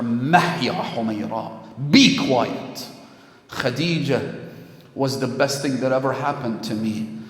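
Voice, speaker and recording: A man preaching a sermon, telling a story and swelling with emotion at key moments. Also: on the high side. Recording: echoey hall.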